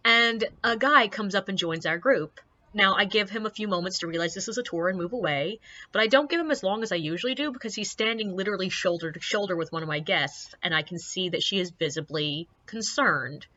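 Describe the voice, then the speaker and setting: A woman's voice: medium pitch, a little fast, sharp tone, dull audio. A woman who works as a ghost tour guide, casually telling stories from her job in a chatty, candid way with sarcastic asides. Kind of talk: casual personal storytelling.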